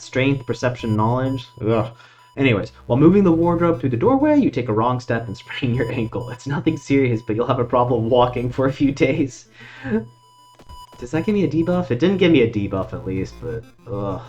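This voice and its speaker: A man gives lively, swinging commentary as he plays through a horror game, reading card text and grumbling at his failed checks. The sound is dull and lo-fi, with faint music in the background. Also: mid-range voice, fairly quick. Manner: animated, swears casually, jokes at his own bad luck. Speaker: gaming streamer. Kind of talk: casual let's-play commentary, reading game text aloud.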